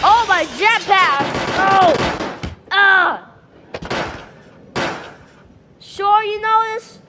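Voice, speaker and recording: A woman's voice: extremely high pitch, very slow, background noise. A woman telling a playful story over sandbox gameplay, goofy and full of sound effects and exclamations. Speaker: gaming channel creator.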